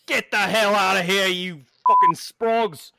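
A man voicing a rude, flustered British pub bartender with a put-on British accent, shouting. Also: high voice, wildly swooping pitch, measured pace, very noisy, voice pushed up, full character voice. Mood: angry. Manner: gruff and shouting.

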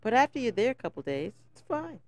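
A middle-aged woman from St. Croix speaks with a Crucian accent. She talks casually as a podcast guest, telling stories in an animated way, and her pitch jumps up high on key words. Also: brisk, no room sound. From St. Croix, US Virgin Islands. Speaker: guest business owner.

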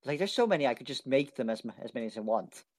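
A man's voice: medium pitch, expressive, very fast, darkish tone. A man in casual tabletop game chat, using a slightly posh voice, eager and full of rules questions. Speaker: player.

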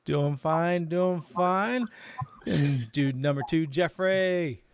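An upbeat man hosts a casual podcast chat. His voice sits a little high, and he laughs easily and calls his co-hosts dude. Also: slow. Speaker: podcast host.

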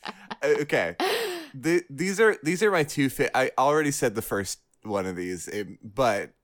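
A man's voice: mid-range voice, expressive, moderate pace, no room sound, studio quality. A man co-hosting a casual chat, rambling and cutting himself off as he laughs. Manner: rambling, self-interrupting, laughing. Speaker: podcast co-host.

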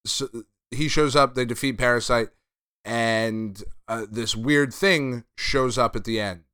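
A man's voice: medium pitch, a little slow, pushed and bright, clear, resonant tone, no echo, studio quality. A man hosting a podcast, casually recapping and reviewing a comic, laid-back and a bit profane. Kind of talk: casual chat.

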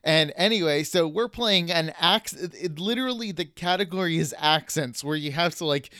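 A man with a high, bright, crisp voice co-hosts a podcast, ranting in animated, profane bursts. The sound is dry and close. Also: moderate pace, no echo. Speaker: podcast co-host. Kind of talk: casual podcast banter.

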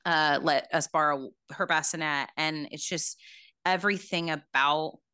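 A woman's voice: low voice, steady tone, a little slow, bright, forceful tone, clean tone, dry recording, studio quality. A new mother talking in a reflective, heartfelt way on a podcast, with plenty of filler words. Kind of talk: casual podcast conversation.

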